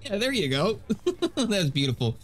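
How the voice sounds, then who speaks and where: A man's voice: high voice, a little slow. Ranting male gameplay streamer. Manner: animated, ranting, laughing. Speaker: gaming YouTuber. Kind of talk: gameplay commentary.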